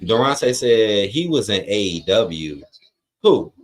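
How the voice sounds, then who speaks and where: A man with a fairly low, very animated voice speaks slowly while hosting a live watch-along stream. He reads chat comments out loud and offers blunt, profane opinions, rambling loosely with frequent fillers.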